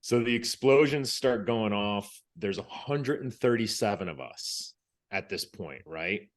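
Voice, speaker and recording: An unhurried, expressive American man with a fairly low voice, a former Navy SEAL, tells a story as a guest on a podcast. His delivery is casual, and he acts out what people said and restarts his phrases.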